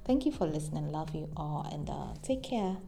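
A young woman hosting a podcast, talking off the cuff and giving emphatic advice with animated storytelling. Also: moderate pace, gravelly. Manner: emphatic, animated storytelling with sudden high exclamations. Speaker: podcast host. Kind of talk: unscripted advice monologue.

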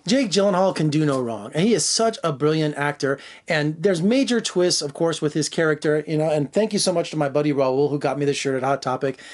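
Excitable man reviewing a movie. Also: on the high side, fairly quick, hardly any pauses. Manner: enthusiastic, rambling with many "you know" fillers. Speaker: film reviewer. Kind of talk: spoiler-free movie review vlog.

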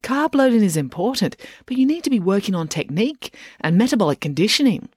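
A woman voicing a sweet-sounding but bossy schoolgirl who gives brisk, cheerful orders. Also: medium pitch, very animated, a little mellow, breathy edge, dry recording, clean studio sound, voice pushed up. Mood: cheerfully bossy.

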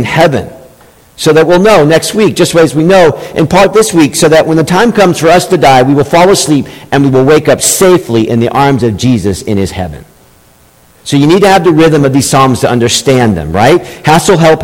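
Pastor guy preaching, kinda high voice, repeats stuff for emphasis, big echoey church. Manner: repeats key phrases for emphasis. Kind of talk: sermon. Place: church sanctuary. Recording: long reverb, large hall.

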